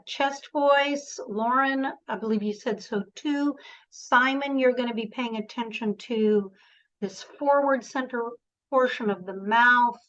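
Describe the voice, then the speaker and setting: A woman's voice: fairly high pitch, a bit bright, highs cut off. A woman coaching presenters in an online workshop, encouraging and directive, speaking over a video call.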